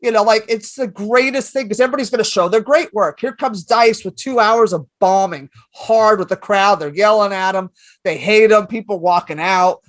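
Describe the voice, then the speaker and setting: A woman comedian guesting on a podcast, telling stories in an animated, rambling, profane way. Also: medium pitch, moderate pace, no room sound. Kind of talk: casual podcast storytelling.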